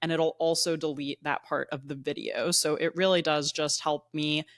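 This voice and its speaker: A woman's voice: low voice, fairly even intonation, moderate pace, no echo, clean studio sound. A young woman hosting her own podcast, talking casually into a plugged-in mic and saying "like" often. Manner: chatty, says "like" often. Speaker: podcast host. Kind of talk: casual solo podcast talk. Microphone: plugged-in microphone at a laptop.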